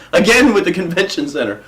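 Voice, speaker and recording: A man's voice: high-pitched, sing-song, normal speed, fairly bright tone. A man hosting a comedy podcast, telling a funny story in casual chat and laughing often as he goes. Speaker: podcast host.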